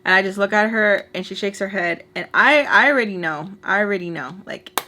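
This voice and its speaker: A young woman vlogger telling a dramatic storytime while doing her makeup, chatty and animated, full of "like" and "y'all". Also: medium pitch, fairly quick. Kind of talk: casual storytelling.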